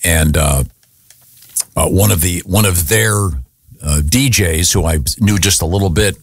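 A man with a very low voice, chatting on a radio show and telling a rambling story full of stops and restarts. The sound is close and dry, like a studio mic. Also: measured pace, no echo. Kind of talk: casual morning radio banter.

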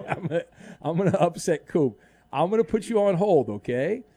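A man's voice: a little high, animated, mellow, slightly rough, no echo. Wry male sports radio host. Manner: wry, joking, quick banter. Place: radio studio. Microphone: studio mic.

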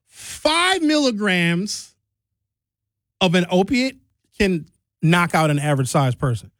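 A man giving an animated, emphatic commentary monologue with big jumps in emphasis. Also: no room sound. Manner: animated, emphatic, jumping pitch.

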